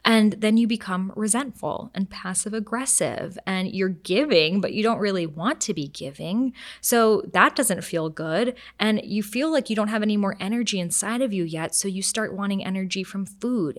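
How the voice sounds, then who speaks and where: Animated woman explaining in an interview. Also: mid-range voice. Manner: animated explainer who acts out quoted voices and slows down to demonstrate. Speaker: Ayurveda expert and interview guest. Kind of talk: conversational podcast interview.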